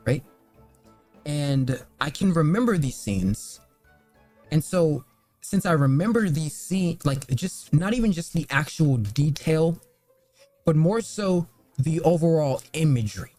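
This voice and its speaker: A man's voice: on the high side, a little mellow, no echo. A young man reviewing films in a loose, rambling casual chat, full of fillers and swearing. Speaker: movie reviewer.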